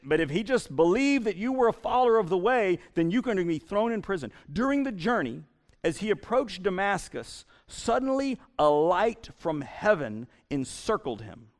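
A male pastor preaching a sermon in an animated way, repeating words as he builds each point. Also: sits high, normal speed.

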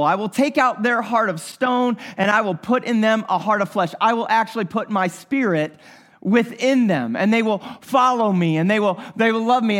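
A man's voice: high-pitched, fairly bright tone. A man preaching a sermon as pastor, earnest and talking straight to the congregation, often repeating his phrases.

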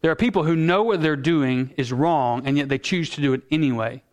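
A male pastor preaching a sermon in an earnest, emphatic way, slowing down to stress key words. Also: a little high.

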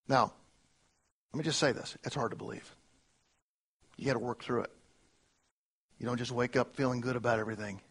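Middle-aged pastor guy preaching, earnest, gets loud then goes quiet and thoughtful. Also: on the high side. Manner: earnest, swings from loud exclamation to quiet reflection. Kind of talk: sermon.

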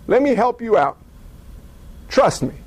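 A man voicing God as a gentle father speaking to his son in a hushed, reassuring tone. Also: very high-pitched, very animated, unhurried, exaggerated voice. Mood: tender.

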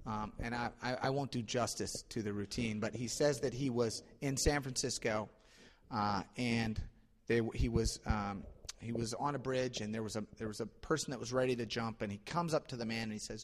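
A male pastor preaching a sermon in a conversational, animated way, often restarting his sentences. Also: mid-range voice, fairly quick, long reverb tail.

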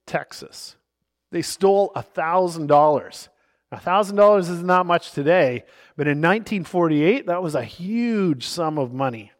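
A man preaching a sermon, reading scripture aloud and telling illustrative stories, shifting between hushed and emphatic delivery. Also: fairly high pitch. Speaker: pastor.

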